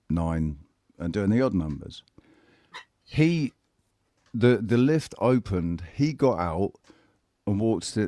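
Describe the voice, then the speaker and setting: A man's voice: low voice, mellow, no room sound, clean studio sound. A man telling a personal story in casual chat, blunt and candid, swearing and often restarting his sentences. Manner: halting, with frequent restarts.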